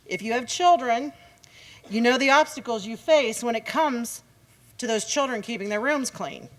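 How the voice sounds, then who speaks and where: A woman's voice: on the high side, normal speed. Wry woman giving an award speech. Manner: wry, joking delivery. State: a little out of breath. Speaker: horsemen's association representative.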